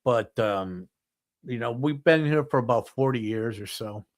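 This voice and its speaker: A man's voice: medium pitch, a little slow, natural voice. A man quoting an easygoing, genial older restaurant owner in his own everyday voice.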